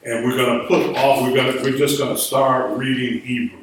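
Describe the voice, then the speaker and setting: A man's voice: mid-range voice, fairly even intonation, a little fast, slight background noise. A man teaching a Biblical Hebrew class in a classroom lecture style, patiently explaining rules and spelling words out letter by letter. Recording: echoey room, voice far from mic.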